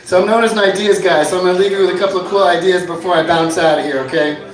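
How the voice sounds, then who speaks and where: A man with a high voice works through a stand-up set of dry one-liners, now and then shouting out a bit. He sounds set back from the mic, and the bar room around him echoes. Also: racing, far from the mic, a crowd in the background. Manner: jokey deadpan one-liners, bursts into shouted bits. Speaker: stand-up comedian. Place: inn bar with live audience.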